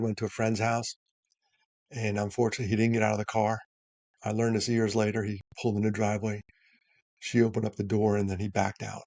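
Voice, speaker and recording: A man's voice: lowish voice, vocal fry, dry recording. A man speaking as a podcast guest, giving earnest advice and acting out bits of dialogue as he talks. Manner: animated storyteller, acts out dialogue.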